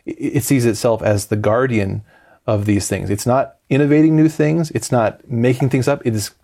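A man hosting a religious discussion, explaining in a measured way. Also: mid-range voice, fairly even intonation, creaky, dark tone.

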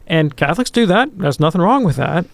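Gravelly man explaining theology on radio. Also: on the high side, very animated, dry recording. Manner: earnest, explanatory, slows down to stress points. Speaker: theologian answering listener questions. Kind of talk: radio call-in talk.

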